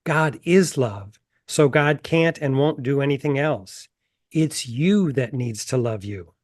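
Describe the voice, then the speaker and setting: Guy reading as a kind wise lady mentor, slow soft delivery, dry sound. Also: mid-range voice, animated, no echo. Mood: firm. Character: gentle wise woman mentor.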